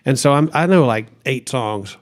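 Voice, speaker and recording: A man's voice: medium pitch, expressive, moderate pace. A middle-aged man and pastor telling a story in a casual interview, acting out quotes and laughing often.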